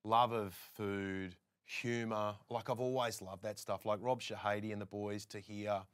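A man with a clean-toned voice on the low side talks a little slowly; he's an Australian presenter appearing as a guest. He tells casual anecdotes with lively energy, acting out other people's lines as he goes.

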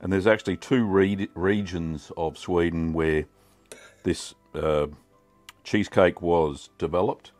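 A middle-aged Australian man hosting a casual cooking vlog, chatty and relaxed with many ums. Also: low voice, slow pace, faint music behind. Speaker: cheesemaking channel host.

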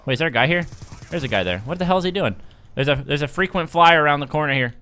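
Bright, excitable young gaming commentator man. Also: on the high side, fast. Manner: excitable, jokey, laughs often. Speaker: gaming youtuber. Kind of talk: casual gameplay commentary. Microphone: desk microphone.

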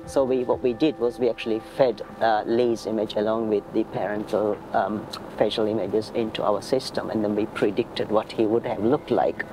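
A man, a computer scientist, explaining his work hesitantly with many pauses and fillers. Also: fairly low pitch, fairly even intonation, over music, low-quality recording. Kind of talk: interview.

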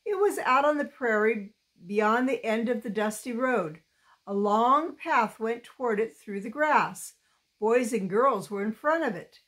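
A woman reading a children's novel aloud, taking her time with each line. Her voice sits fairly high and moves along at a slow, careful pace. She gives the story small expressive touches. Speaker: storybook reader.

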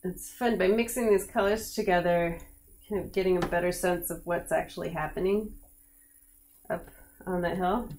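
A woman in her studio giving a live oil painting demonstration, talking in a relaxed, chatty way with many fillers. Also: on the low side, moderate pace, slight background noise. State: slightly cracky voice. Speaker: painting instructor.

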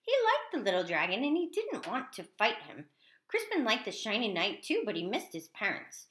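Lively, bright woman reading a picture book. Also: medium pitch, moderate pace. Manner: animated and expressive. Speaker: children's book reader. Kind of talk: picture book read-aloud. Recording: echoey room.

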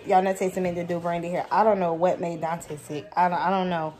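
A woman's voice: on the low side, quick pace. Chatty woman vlogging at home. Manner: animated storytelling, addresses viewers as y'all. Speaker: vlogger, mother of two. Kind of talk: casual vlog chat to viewers.

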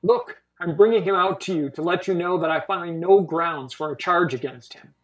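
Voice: mid-range voice, moderate pace, recorded from a distance, natural voice. A reader voicing a stern Roman governor, roomy church. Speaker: scripture reader. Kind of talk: dramatic scripture reading.

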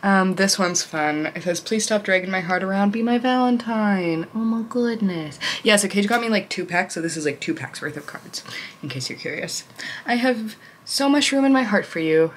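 A woman's voice: expressive, moderate pace, a little hiss or hum. A young woman chatting casually in a vlog at home, gushing over things and using lots of fillers. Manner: gushing, filler-heavy, reads card captions aloud; high baby talk to her pet. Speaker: vlogger.

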